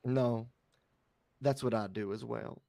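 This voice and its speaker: A man's voice: medium pitch, fairly even intonation, slow pace, creaky, dark tone, no room sound. A man voicing a huge, muscular, hardworking woman baker who speaks politely and plainly.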